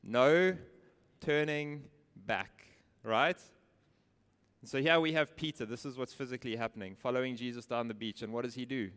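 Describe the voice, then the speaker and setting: Male preacher, smooth resonant voice, emphatic sermon delivery, long hall reverb. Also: mid-range voice, steady tone, very fast, hardly any pauses, fairly bright tone. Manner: emphatic, rhetorical questions, repeats key phrases.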